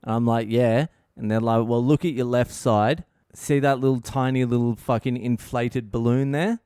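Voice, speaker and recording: A man tells a story on his podcast in a relaxed, profanity-laden way. His voice is smooth and even, recorded close and dry, and his chest is sore. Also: medium pitch, moderate pace, dry recording. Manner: profane, laid-back storytelling. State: sore chest, short of breath. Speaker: comedian podcast host. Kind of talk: casual storytelling monologue. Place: hospital.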